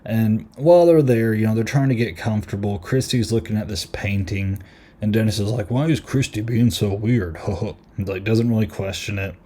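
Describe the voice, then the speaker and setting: Recapping a horror movie on his podcast, a man keeps it chatty and casual, full of "like" and "um," and retells the film's lines. His voice is fairly low and mellow, and he talks at a normal speed.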